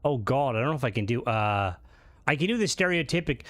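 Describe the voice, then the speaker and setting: A man's voice: mid-range voice, expressive, fairly quick, fairly bright tone, no echo. A man chatting casually while he streams a game live, rambling and swearing and often restarting his sentences. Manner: rambling and profane, with frequent restarts.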